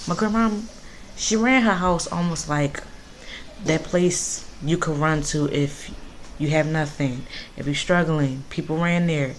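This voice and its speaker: Young woman, low voice, candid casual storytime straight to camera at home. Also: a little hiss or hum. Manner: candid, chatty, occasional cursing. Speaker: vlogger. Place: home, indoors.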